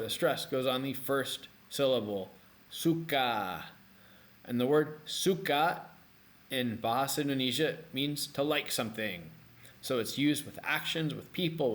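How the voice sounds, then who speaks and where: A man teaching a language lesson, explaining phrases in an upbeat, animated way. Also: medium pitch.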